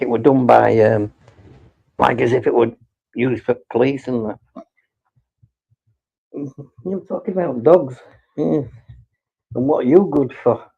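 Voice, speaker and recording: Gravelly, husky man. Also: medium pitch, mellow, dull audio. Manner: rambling, sweary, teasing. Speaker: live stream host. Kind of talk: casual live-stream chat.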